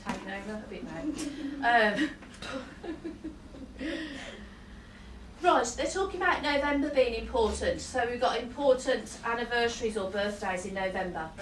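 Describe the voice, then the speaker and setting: A woman's voice: fairly high pitch, lively intonation, moderate pace, long pauses. A woman working as a psychic medium, giving a chatty reading to a live audience. She laughs often and breaks off with apologetic asides. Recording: roomy hall, distant mic, faint noise.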